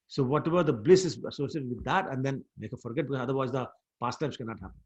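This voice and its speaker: Husky-voiced man telling scripture stories. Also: mid-range voice, fast talker. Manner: animated storytelling, mixing in Hindi words. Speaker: scripture class teacher. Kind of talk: storytelling scripture lesson.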